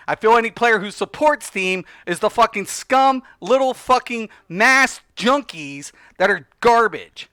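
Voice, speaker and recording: A man's voice: high-pitched, animated, measured pace, few pauses, bright, forceful tone, smooth, no echo. A man ranting on a casual livestream, heated and profane, laughing between points.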